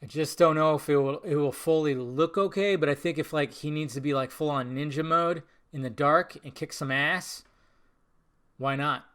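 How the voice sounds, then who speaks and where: A man hosting a podcast, answering viewer questions in a casual live chat with profane, animated rants. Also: a little high, moderate pace, clean tone. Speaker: podcast host.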